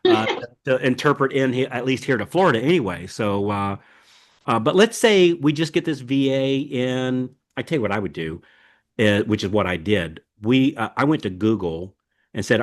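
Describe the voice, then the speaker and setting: A man's voice: mid-range voice, expressive, normal speed. A man hosting a podcast in casual, folksy chat, rambling with many fillers and restarts. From United States. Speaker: podcast host.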